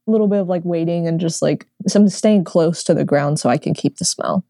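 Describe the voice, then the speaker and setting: A woman's voice: on the low side, brisk, vocal fry, mellow, dry recording, clean studio sound. A woman playing in a tabletop game, talking in a casual, decisive way. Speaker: player.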